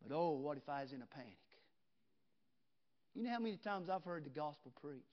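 A man preaches at a revival in a high voice, folksy and plainspoken. He rises to hollering peaks and then drops to a hushed storytelling tone. The recording sounds dull and muffled. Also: expressive, brisk. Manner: folksy, drops into "ain't" and "you know what". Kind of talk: revival sermon.

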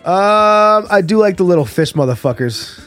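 A man's voice: high-pitched, animated, normal speed, a bit bright, faint music behind. A man co-hosting a casual podcast, jokey and profane, laughing often as he talks about movies and metal. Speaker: podcast co-host. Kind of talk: casual chat.

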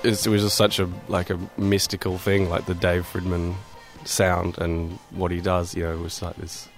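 An Australian musician from Perth talking loosely in a radio studio interview, with lots of fillers and easy laughter. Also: male voice, low voice, flat delivery, normal speed, faint music behind. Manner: laid-back, rambling, many fillers and laughs. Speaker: guest musician.

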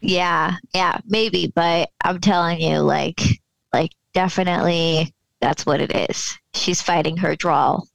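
A woman talking casually as a podcast guest, with a gravelly edge to her voice. Her speech is filled with fillers, recorded close in a dry room. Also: lowish voice, fairly even intonation, slow, no echo, rough recording. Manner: chatty, filler-heavy. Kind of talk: casual chat.

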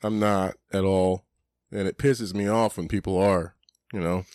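A man's voice: low voice, fairly even intonation, unhurried, a little mellow, dry recording, clean studio sound. A man co-hosting a podcast in casual chat, blunt and profane, rambling with lots of "you know"s. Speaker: podcast co-host.

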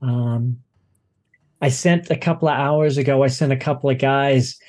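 A man voicing a flustered woman dock supervisor who rambles, halting on fillers. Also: mid-range voice, steady tone, a little mellow, lightly acted. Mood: anxious.

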